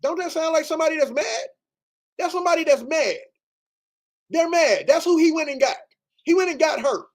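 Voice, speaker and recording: A man's voice: very high voice, expressive, fairly quick, pauses often. A man hosting a livestream, ranting in a heated, profane, repetitive way. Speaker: livestream host. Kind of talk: livestream rant.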